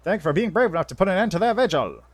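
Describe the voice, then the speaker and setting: A man's voice: sits high, big pitch swings, very fast, slightly rough, heavily acted. A man voicing a solemn, ancient male angel herald in a mock French-tinged, old sci-fi style voice, reading game dialogue.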